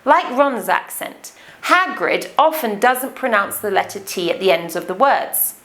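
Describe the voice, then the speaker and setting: Slow, careful RP English woman teacher. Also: medium pitch, expressive, a bit bright. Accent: English received pronunciation. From England. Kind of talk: accent lesson.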